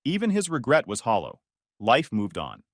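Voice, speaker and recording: Male narrator, measured delivery, animated intonation, dead-dry read. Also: medium pitch, no room sound. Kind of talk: first-person story narration.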